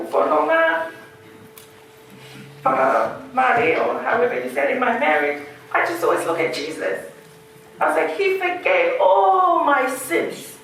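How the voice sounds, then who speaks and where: A woman's voice: high voice, vocal fry, fairly bright tone, a little hiss or hum. A woman gives a heartfelt funeral eulogy, laughing through memories. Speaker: widow giving a eulogy. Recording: echoey hall, distant mic.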